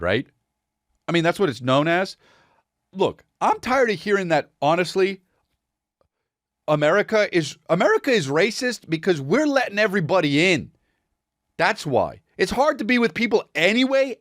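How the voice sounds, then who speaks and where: A man's voice: on the high side, no room sound, studio quality. A man hosting a comedy podcast, ranting casually with a lot of swearing and calling people "dude.". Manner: profane, riffing, says dude a lot. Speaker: podcast host.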